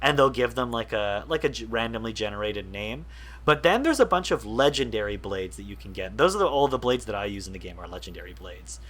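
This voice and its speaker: A man's voice: lowish voice, lively intonation, brisk, fairly bright tone. Chatty man explaining video games. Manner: rambling, enthusiastic explainer with many fillers. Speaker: podcast co-host. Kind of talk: casual gaming podcast chat.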